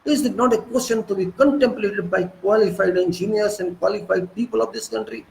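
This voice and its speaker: A man's voice: high voice, brisk, vocal fry, roomy sound, slight background noise, poor audio. A man in his sixties with an Indian English accent, giving an earnest moralizing lecture full of repetition and rhetorical questions. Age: 60s.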